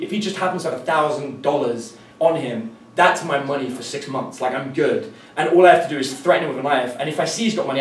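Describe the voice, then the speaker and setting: A man tells a story to a seminar crowd, lively and foul-mouthed, putting on each character's voice. His voice sits slightly high. He is miked from a distance in a reverberant room with faint background noise. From London, England. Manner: animated, profane, acts out the people in his stories. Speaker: seminar presenter. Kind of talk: storytelling presentation to a live audience. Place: indoor meeting room with an audience. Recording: echoey room from a distant mic.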